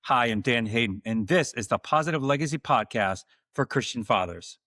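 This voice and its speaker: A man hosting his own podcast, delivering a calm, earnest, scripted monologue to fathers. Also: medium pitch, normal speed, no room sound, studio quality. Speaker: podcast host.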